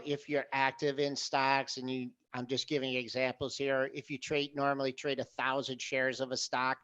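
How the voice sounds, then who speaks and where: A man's voice: medium pitch, a bit bright, clear, resonant tone, dull audio. A middle-aged man co-hosting a live trading talk show, giving emphatic, practical advice. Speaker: co-host.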